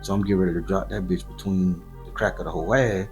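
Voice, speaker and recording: A man from southern Florida hosting his channel, telling a graphic, profane story in loose, slangy, animated monologue. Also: low-pitched, fast, faint music behind. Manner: profane, slangy and animated, voice jumping up for quoted lines. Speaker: storyteller host.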